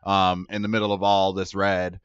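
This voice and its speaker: A man chatting casually on a podcast in a relaxed way, often putting in short words of agreement. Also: low-pitched, normal speed, smooth, no echo. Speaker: podcast co-host. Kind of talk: casual chat. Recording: muffled lo-fi podcast audio.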